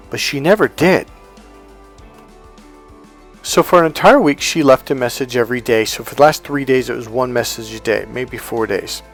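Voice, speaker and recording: Animated man telling a story. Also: medium pitch, moderate pace, soft background music. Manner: animated, emphatic, blunt with casual cursing. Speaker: life coach. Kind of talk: storytelling monologue.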